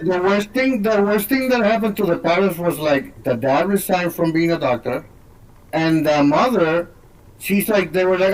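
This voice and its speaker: Male co-host, high lively voice, provocative crude banter, distant mic. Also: moderate pace. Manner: brash, provocative, crude joker. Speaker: podcast co-host. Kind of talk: casual banter.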